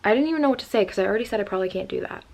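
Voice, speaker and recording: A woman's voice: medium pitch, animated, rapid-fire, creaky, a little mellow. A young woman in her twenties telling a storytime vlog in a rambling, casual way, upset after crying. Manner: rambling with many "like" fillers. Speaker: vlogger.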